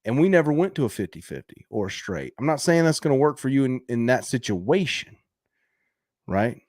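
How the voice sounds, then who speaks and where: Brash male host for casual chat, coaches and swears, average pitch, recorded dry and close. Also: very animated, normal speed, darkish tone, no echo. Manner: laughs often, talks straight to viewers. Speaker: host reacting to viewer videos.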